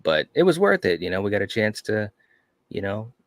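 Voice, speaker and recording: Deep-voiced male co-host, enthusiastic rambling storyteller, dry close sound. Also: sing-song, normal speed, no room sound. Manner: enthusiastic storytelling, frequent "you know". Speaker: podcast co-host. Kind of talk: casual chat.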